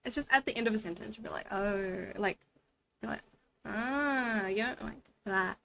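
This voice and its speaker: A woman's voice: a little high, fast, gravelly, pushed and bright, slight background noise. A woman giving a playful, chatty language lesson while streaming a game. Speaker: VTuber language teacher.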